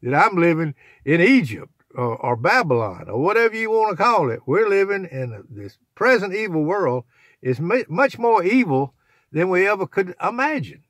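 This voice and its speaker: A man's voice: sits high, very animated, normal speed, fairly bright tone, no echo, studio quality. An older man, rambling in a folksy, preachy way as he talks to his own channel's viewers. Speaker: channel owner. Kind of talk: rambling religious vlog talk.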